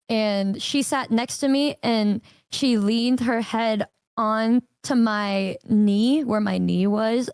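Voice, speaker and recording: A young woman telling a long personal story on a stream, animated and swearing casually, jumping into a higher voice for quotes. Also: clean tone, no echo, studio quality.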